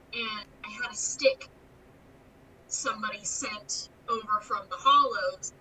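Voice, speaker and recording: Bright-voiced young woman, animated storyteller. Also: mid-range voice, recorded from a distance, slight background noise, rough recording. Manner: animated storyteller, acts out quotes, frequent laughs. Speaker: guest, haunted attraction scare actor. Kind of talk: casual interview chat.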